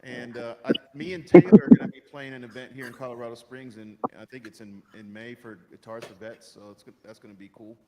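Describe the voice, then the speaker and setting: A man's voice: medium pitch, steady tone, quick pace, few pauses, a crowd in the background, poor audio. A man who is a musician, a guest on a casual talk show, speaking in an easygoing, hesitant way with fillers. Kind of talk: casual chat.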